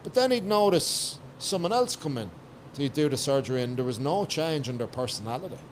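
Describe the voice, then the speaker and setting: Here the Irish guest coach's slightly high voice moves a little fast with lively intonation, over slight background noise. It's casual podcast chat, delivered bluntly and emphatically with plenty of swearing.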